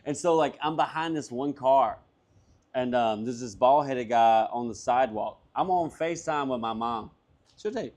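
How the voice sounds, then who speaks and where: A young man from Alabama tells a wild story in a casual patio chat, swearing freely and playing out every part of the argument himself. His voice sits in a middling pitch, loose and animated. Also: moderate pace. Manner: animated, profane storytelling, acting out both sides of arguments. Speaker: guest comedian. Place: outdoor patio.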